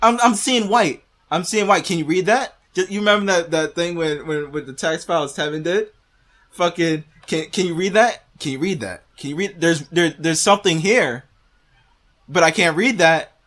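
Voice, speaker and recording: A man's voice: fairly high pitch, moderate pace, a bit bright. A man hosting a reaction video, ranting with heavy profanity and arguing back at the clip he is watching.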